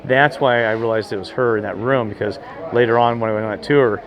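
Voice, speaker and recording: A man telling a rambling, excitable story in casual chat, gesturing as he talks outdoors. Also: mid-range voice, a little fast, dull audio, crowd noise. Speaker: vlogger telling a ghost story.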